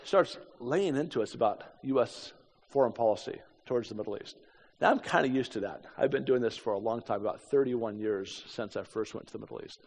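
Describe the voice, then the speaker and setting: A man's voice: medium pitch, brisk, a little mellow, slightly rough. A man in his fifties from the United States, telling a story in a sermon with casual, self-deprecating asides. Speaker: preacher. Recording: echoey hall.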